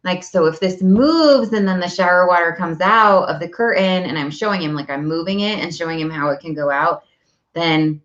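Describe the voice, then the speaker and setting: Woman host, low voice, chatty parenting talk, dull lo-fi recording. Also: reverberant. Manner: chatty, acts out dialogue with her kids. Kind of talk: casual chat. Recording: dull lo-fi audio.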